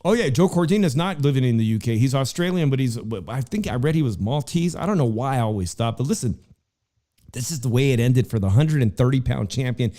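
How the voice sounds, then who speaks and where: Male boxing-show host, mid-pitched, chatty and loose with plenty of fillers. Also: expressive, fast, dark tone. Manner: chatty, filler-heavy, addresses co-host by name. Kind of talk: casual boxing talk.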